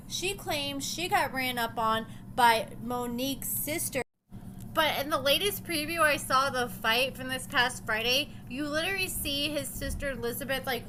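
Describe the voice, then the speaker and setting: Young woman commentary host, chatty and sassy, high bright voice, faint hiss behind. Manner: chatty, opinionated, sassy asides. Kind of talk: casual recap and commentary.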